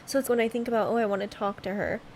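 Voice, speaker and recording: A woman's voice: a little high, fairly even intonation, rapid-fire, darkish tone, slight background noise. Candid, emotional young woman podcaster. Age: late 20s. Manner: candid, emotional, swears often. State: tearful at times. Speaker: podcast host. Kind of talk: reflective solo podcast monologue.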